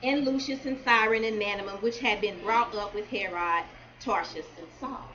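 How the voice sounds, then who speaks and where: A woman's voice: medium pitch, moderate pace, a bit bright, highs cut off. A woman performing spoken word poetry at a community celebration, rhythmic and calling out to the crowd. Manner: rhythmic, call-and-response with crowd. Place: community celebration event hall.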